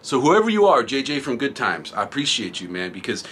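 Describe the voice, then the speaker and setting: A man's voice: mid-range voice, big pitch swings, brisk, a bit bright, a little hiss or hum. A middle-aged man hosting a graffiti supply channel, reading viewer comments in a laid-back, rambling way and laughing often. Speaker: graffiti product reviewer and shop host.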